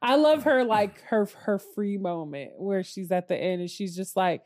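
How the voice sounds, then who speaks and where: A woman's voice: medium pitch, normal speed, darkish tone. A woman in a casual chat, telling stories in a playful way and laughing often.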